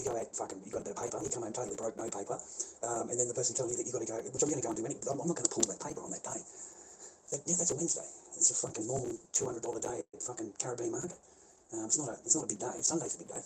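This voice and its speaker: A man's voice: mid-range voice, dark tone. A man with an Australian accent ranting in a rambling, profane way, repeating himself and laughing between lines. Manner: swears constantly, repeats himself, laughs mid-sentence. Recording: noisy background hiss.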